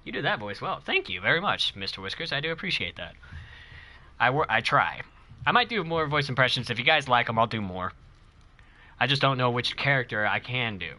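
A man streaming a video game live, chatting casually and excitedly with his viewers and cheering himself on. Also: medium pitch, fairly quick. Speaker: gaming streamer.

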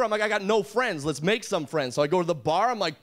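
A young man doing a stand-up set on a comedy club stage, from Calgary, talking in an animated way and breaking into loud shouts for the characters he quotes. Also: high-pitched, fast, few pauses. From Calgary, Canada.

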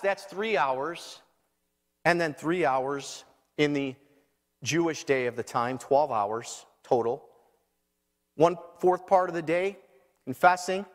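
A man preaching a live sermon as pastor, emphatic and repeating key lines. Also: fairly high pitch. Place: church sanctuary. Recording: live church recording with long reverb.

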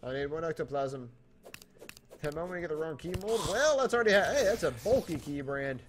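A young man giving jokey, animated commentary as he plays a video game, talking to the game and to his viewers, a little tipsy. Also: on the high side, brisk, slight background noise. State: tipsy from drinking. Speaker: gaming YouTuber. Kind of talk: let's play commentary. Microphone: desktop mic without pop filter.

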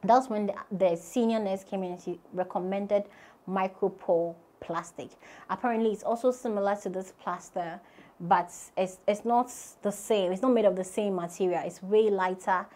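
A woman with a Ghanaian accent hosting and telling her own story in an earnest, conversational way, her voice dropping soft and low at the sad parts. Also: steady tone, normal speed. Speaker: host. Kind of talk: personal storytelling to camera.

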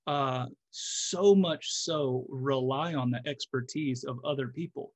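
A man's voice: medium pitch, takes it slowly, no room sound. A man who is a guest physiotherapist, talking through ideas in a casual podcast conversation, thoughtful and explanatory with frequent restarts.

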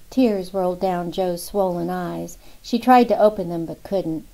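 A woman narrating a novel in a steady, even storytelling manner. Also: fairly low pitch, unhurried, gravelly, few pauses, rough recording. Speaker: audiobook narrator. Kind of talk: scripted narration.

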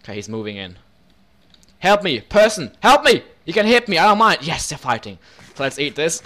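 A young man giving excitable gameplay commentary, yelping for help, laughing often and dropping into low muttered asides. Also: normal speed. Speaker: gaming video host.

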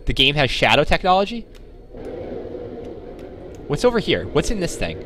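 A young man hosts a let's-play video with sarcastic, joking running commentary. His voice is bright and forceful, with lively, animated swings in pitch. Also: normal speed, pauses often, a little hiss or hum. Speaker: gaming video host.

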